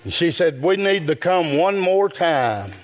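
An older man, preaching a sermon in a rhythmic style that builds to shouts. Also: a little high, big pitch swings, measured pace.

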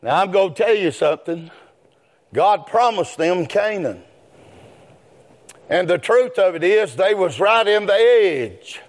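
A man preaching a sermon, rising into chanted shouts. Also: high-pitched, lively intonation, unhurried, pauses often.

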